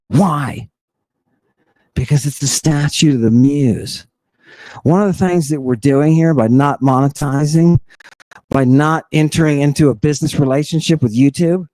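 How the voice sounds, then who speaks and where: A man's voice: mid-range voice, mellow, no room sound. Man, podcast host, fervent lecture-style monologue, sardonic, rhetorical questions, dry close sound. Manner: mocks opponents with exaggerated put-on voices.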